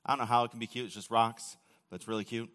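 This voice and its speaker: A man preaching a sermon, telling the story casually with acted quotes, often dropping to a quiet, low voice. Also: flat delivery, racing. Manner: casual storytelling with acted quotes and sudden drops to near-whisper. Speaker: pastor. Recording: long hall reverb.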